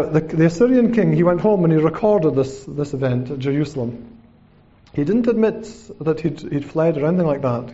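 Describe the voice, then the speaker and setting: A man's voice: fairly high pitch, warm tone. A man preaching a sermon in a conversational way, often checking in with a rhetorical "hmm?" and acting out the quotes dramatically. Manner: dramatic retelling with acted-out quotes. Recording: dull lo-fi recording.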